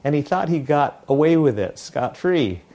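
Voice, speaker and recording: Mellow-voiced preacher telling a parable. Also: male voice, on the high side, expressive, moderate pace. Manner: storytelling, conversational. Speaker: pastor. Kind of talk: sermon.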